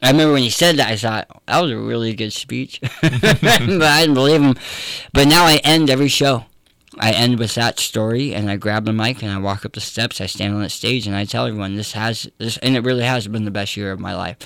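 A young adult man with a slight lisp, telling his story in an earnest, halting way as an interview guest. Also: medium pitch, fairly bright tone, no room sound. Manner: earnest, halting, many restarts. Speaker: guest, comedian and preacher.

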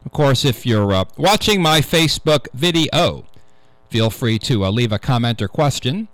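A man's voice: mid-range voice, lively intonation, normal speed, no echo, rough recording. A man hosting a casual tech radio show in a studio, rambling with many fillers as he talks through the news. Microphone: studio microphone.

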